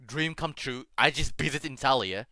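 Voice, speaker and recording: A man chatting as a guest on a stream, excitable, laughing loudly and talking with many fillers. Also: mid-range voice, normal speed, dry recording, studio quality. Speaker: guest Vtuber. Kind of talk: casual collab stream chat.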